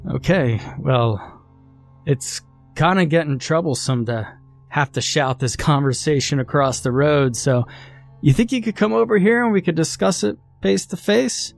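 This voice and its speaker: A man's voice: fairly high pitch, moderate pace, creaky, faint music behind, voice pushed up. A man voicing an uneasy father who talks in a hesitant, pleading way. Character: nervous, uneasy father renting a car.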